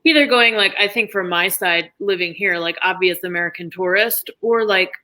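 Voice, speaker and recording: A woman hosting a casual interview, asking relaxed, friendly questions. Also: lowish voice, normal speed, rough recording. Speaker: interview host.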